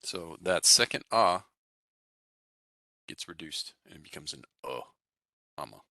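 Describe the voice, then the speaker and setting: A man teaching a Russian language class in a relaxed, explanatory way, often checking in with "right?" and "okay?". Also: low-pitched, takes it slowly, no room sound. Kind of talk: recorded classroom lecture.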